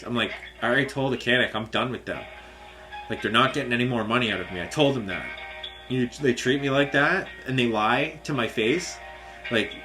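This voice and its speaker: A young man venting angrily in a casual rant, swearing often, restarting his sentences and mocking the people he quotes. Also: medium pitch. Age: young adult. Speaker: vlogger.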